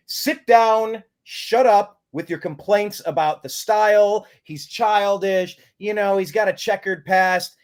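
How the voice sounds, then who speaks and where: A man hosting a casual political talk show, giving emphatic, animated opinions. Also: sits high. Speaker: host.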